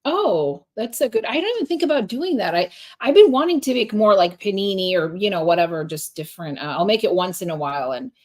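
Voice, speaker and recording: A woman's voice: mid-range voice, big pitch swings, brisk, few pauses. Woman co-host, casual chat, rambling, trails off and restarts. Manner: rambling, many restarts and fillers. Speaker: podcast co-host.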